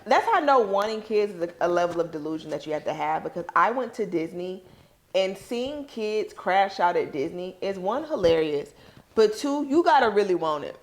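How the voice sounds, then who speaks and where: A woman's voice: mid-range voice, expressive, normal speed. A young adult woman co-hosting a podcast, talking casually, laughing through her stories and swearing casually. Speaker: podcast co-host. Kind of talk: casual chat.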